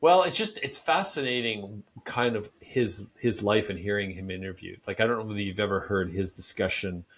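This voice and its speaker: A man's voice: on the low side, normal speed, few pauses, fairly bright tone. A man hosting a podcast interview, chatting casually and telling stories with rambling enthusiasm. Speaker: podcast host.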